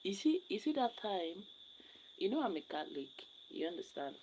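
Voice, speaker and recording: A woman's voice: mid-range voice, very animated, normal speed, noisy background. A young Nigerian woman with a Nigerian accent, chatting casually with viewers on a live stream and rambling, repeating her words.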